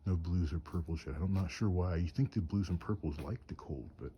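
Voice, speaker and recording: Fairly quick and low-pitched, the man's voice comes through lo-fi with slight background noise. Out on a mountain trip at night, cold and shivering, the storyteller and craftsman spins casual, rambling yarns with chuckles.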